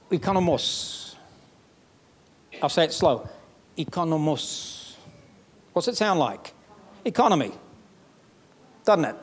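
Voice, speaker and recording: Emphatic pastor with a Southern US lilt. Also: male voice, a little high. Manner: emphatic, folksy, rising to loud passages. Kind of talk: sermon.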